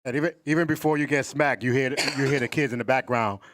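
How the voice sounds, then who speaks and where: A mid-pitched man chimes in with short, agreeing replies in casual chat as a co-host. Steady hiss and noise sit under his voice. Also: fast talker. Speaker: podcast co-host. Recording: noisy background hiss.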